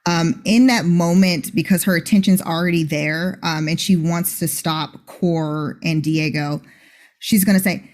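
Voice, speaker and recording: A woman's voice: lowish voice, steady tone, unhurried, a little mellow. A woman player in a tabletop game, describing her character's actions casually with many fillers.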